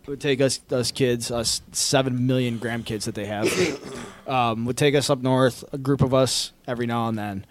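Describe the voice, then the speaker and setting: Brief: mid-pitched man, relaxed storyteller, swears freely, gets loud at the punchline. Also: normal speed, slight background noise. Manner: profane, builds to loud laughing excitement. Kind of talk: casual storytelling.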